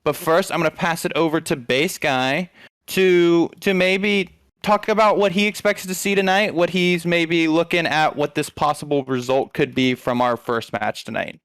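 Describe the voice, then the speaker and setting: A man's voice: a little high, moderate pace, a bit bright, clear, resonant tone, no room sound. A man casting an esports league broadcast, chatty and upbeat, talking straight to the viewers in chat. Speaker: esports caster. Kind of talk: casual esports broadcast commentary.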